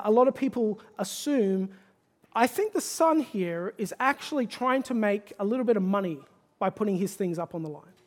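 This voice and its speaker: A man's voice: extremely high pitch, darkish tone. A male pastor preaching a sermon. He talks conversationally and rises to an emphatic, pleading exhortation.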